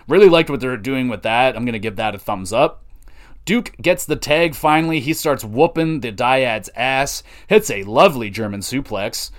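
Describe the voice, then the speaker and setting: A man's voice: medium pitch, fairly bright tone. A man hosting a solo podcast, casually reviewing a wrestling show in a loose, rambling way with frequent fillers and casual swearing.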